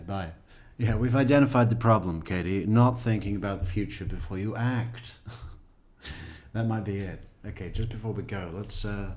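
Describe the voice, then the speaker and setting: A man with a very low voice reads a crime news story aloud and keeps breaking in with dry, sarcastic asides. He sounds like he is in an echoey room, commenting casually. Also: darkish tone.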